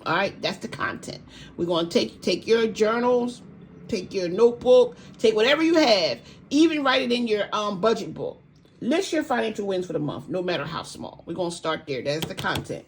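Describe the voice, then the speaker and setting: An older woman talks warmly and casually, cheering her viewers on in a slightly gravelly voice with a little laughter. She sits at home by an open window, and a faint noise hums behind her. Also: medium pitch, sing-song, normal speed. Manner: chatty, encouraging, laughs often. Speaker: budgeting vlogger. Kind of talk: casual vlog talk. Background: faint street noise, passing truck.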